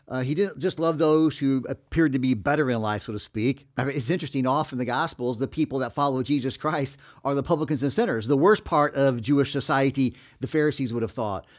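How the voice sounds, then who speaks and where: Reflective man discussing scripture. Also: medium pitch. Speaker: co-host. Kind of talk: Bible teaching discussion.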